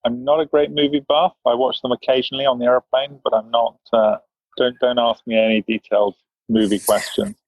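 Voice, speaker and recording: British male physician, 50s, measured and dry, level low voice, muffled dry recording. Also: little pitch movement, no room sound. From England. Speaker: guest physician. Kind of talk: interview answers.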